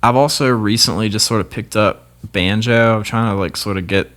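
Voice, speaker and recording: A man's voice: fairly low pitch, brisk, a bit bright. A young man, a guest guitarist, talking in a laid-back, rambling way with many fillers. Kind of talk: casual chat.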